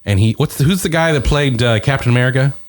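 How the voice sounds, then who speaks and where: A man's voice: medium pitch, fast talker. A middle-aged man, a comedian guest, telling rambling stories in casual podcast chat with plenty of restarts. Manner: animated storyteller, rambling with restarts.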